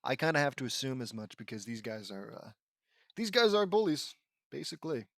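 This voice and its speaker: A man's voice: mid-range voice, sing-song, fairly quick, vocal fry, a bit bright, dry recording, clean studio sound. A man reading fan fiction aloud and breaking off with profane, sarcastic, rambling commentary. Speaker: audiobook reader and commentator.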